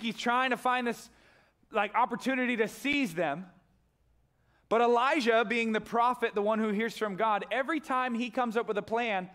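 A man preaching a sermon in a noticeably high voice. He tells the story with animated energy and breaks into sudden loud, high-pitched outbursts when he acts out the characters. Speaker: pastor. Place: church stage.

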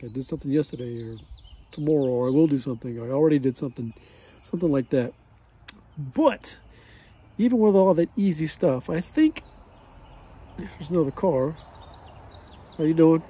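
A man's voice: medium pitch, warm tone, husky. A man chatting casually in a language-learning vlog outdoors, rambling with many fillers. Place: outdoors near a road.

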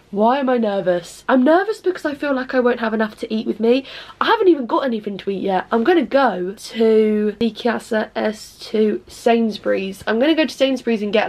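A woman's voice: fairly high pitch, a little mellow. A young English woman vlogging in casual chat, self-mocking and swearing often, sometimes slipping into song. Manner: bursts into snatches of song. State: tired, low-voiced at night.

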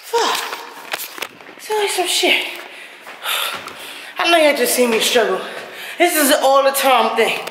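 A woman's voice: sits high, big pitch swings, measured pace, long pauses, roomy sound, background noise. A woman vlogger talking to her viewers in loose, slangy casual chat, cursing freely.

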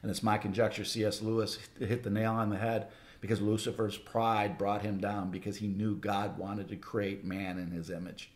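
A man's voice: fairly low pitch, level tone, moderate pace. A man teaching on scripture in a loose, conversational way, with frequent false starts and restarts. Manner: rambling, many restarts, conversational. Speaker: Bible teacher. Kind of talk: informal sermon teaching.

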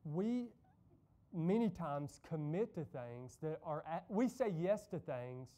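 A man's voice: fairly high pitch, expressive, slow pace, dark tone. A man preaching a conversational sermon in a church, telling stories and making casual asides to the congregation. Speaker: pastor. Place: church sanctuary.

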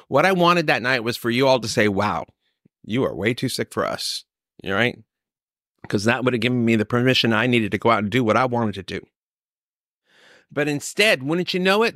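A man's voice: medium pitch, sharp tone, dry recording, studio quality. A man telling his personal recovery story, acting out the exchanges he quotes. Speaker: recovery speaker.

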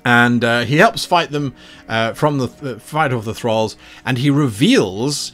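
A man's voice: mid-range voice, lively intonation, unhurried, fairly bright tone, faint music behind. A man, a game master, explaining how he designed a tabletop adventure, rambling with many asides.

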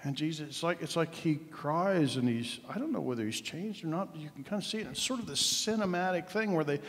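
A man preaching a sermon as pastor, telling the story conversationally, moving from sudden shouts to hushed asides. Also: on the high side, animated, brisk. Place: church sanctuary. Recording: long church hall reverb.

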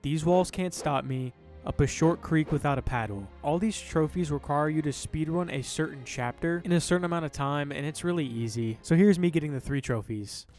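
A man doing let's-play commentary as a gaming YouTuber, excitable, swearing and yelling at the game. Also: on the high side, a little fast, hardly any pauses, soft background music.

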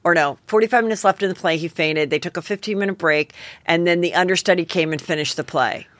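A woman's voice: on the low side, fast talker, dry recording. A woman hosting a podcast, chatting about celebrity gossip in a rambling way with lots of fillers and self-corrections. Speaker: podcast host. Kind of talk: casual gossip chat.

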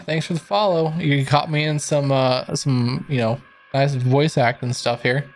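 Young man, mid-pitch, chatty gameplay commentary, self-mocking. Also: fairly even intonation, measured pace, hardly any pauses, a little hiss or hum. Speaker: gaming video creator.

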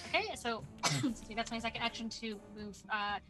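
High-voiced woman chatting through a tabletop game. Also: a little fast, fairly bright tone, soft background music. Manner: chatty, laughing, self-correcting. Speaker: player. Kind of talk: casual tabletop game play.

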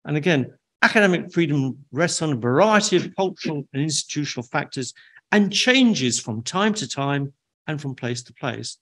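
Older male lecturer, lively pitch. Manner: measured, deliberate delivery with dry asides. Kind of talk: academic lecture. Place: lecture hall.

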